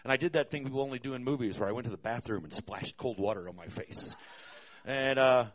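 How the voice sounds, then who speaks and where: A man's voice: mid-range voice, quick pace. A man, a concert venue manager, telling a live stage story in a wry, profane way, hesitating often with fillers.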